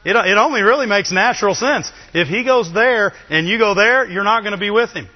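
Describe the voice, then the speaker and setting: A man preaching a sermon in a lively, chatty way, with asides to the congregation. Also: sits high, normal speed. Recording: dull, long reverb of a hall.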